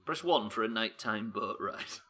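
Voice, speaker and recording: This man's voice sits fairly low, with lively intonation, a moderate pace, and a sharp edge. Streaming a game live, he keeps up casual commentary, cursing and joking while he reasons through every move out loud.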